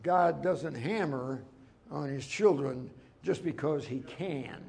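A man's voice: a little high, slow, gravelly, a little mellow. A male pastor preaching a folksy, conversational sermon, telling personal stories with emphatic turns.

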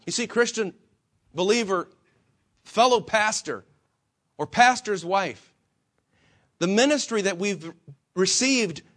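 A man preaching a sermon to fellow believers, swinging his emphasis and asking rhetorical questions. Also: high-pitched. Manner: acts out quoted voices of himself and the Lord. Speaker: pastor.

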